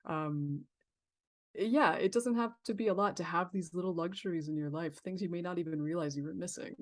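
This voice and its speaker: A middle-aged woman speaks on a podcast in a relaxed, reflective way, trailing off and restarting as she thinks. Her voice sits a little low. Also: fairly quick. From San Diego, California. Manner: reflective, chatty, many fillers and restarts. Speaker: therapist guest. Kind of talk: casual podcast interview.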